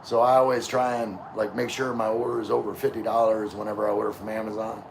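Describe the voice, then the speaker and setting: A man reading viewer comments on a casual live stream, rambling and relaxed while drinking with his chat. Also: on the low side, quick pace, background noise. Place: room with floor-to-ceiling window.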